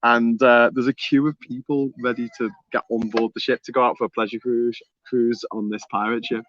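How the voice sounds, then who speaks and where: A man chats casually as a livestream co-host, telling rambling stories with plenty of restarts and offhand swearing. His voice is of middle pitch and sounds dry and close. The stream audio is dull and lo-fi. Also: level tone, a little fast, fairly bright tone, dry recording. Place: home on an island.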